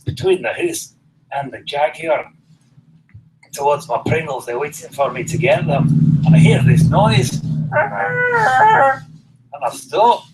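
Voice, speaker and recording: Comedian spinning a rambling tale. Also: male voice, on the high side, slight background noise, rough recording. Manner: rambling, self-deprecating anecdote with dry understatement. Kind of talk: stand-up storytelling.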